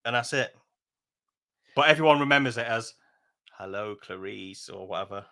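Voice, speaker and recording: Bright-voiced man chatting. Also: mid-range voice, lively intonation, brisk. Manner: chatty, laughs often, rambling retellings. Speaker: podcast co-host. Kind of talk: casual chat.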